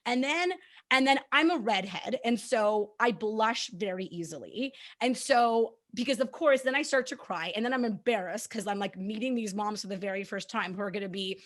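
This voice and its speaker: A woman hosting a conversational interview, telling personal stories in an animated way with frequent laughter. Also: mid-range voice, normal speed. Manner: animated, laughing, acts out her own thoughts. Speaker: host.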